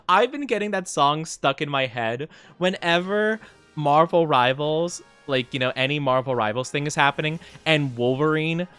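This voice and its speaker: Chatty young male streamer, squeals high. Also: normal speed, a bit bright, clean tone, soft background music. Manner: rambling, self-deprecating, jumps into high squeals. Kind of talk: casual live-stream chat.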